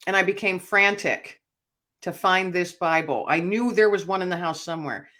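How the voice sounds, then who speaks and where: A woman, an author and speaker, telling her personal story as an interview guest in an earnest, reflective way that often drops quiet. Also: on the low side, normal speed.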